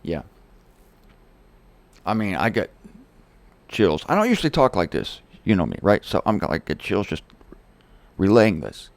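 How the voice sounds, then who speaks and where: Lively man telling a story. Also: sits low, normal speed, creaky, long pauses, no room sound. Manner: animated, quoting others in acted-out voices. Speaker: host. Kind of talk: casual storytelling monologue.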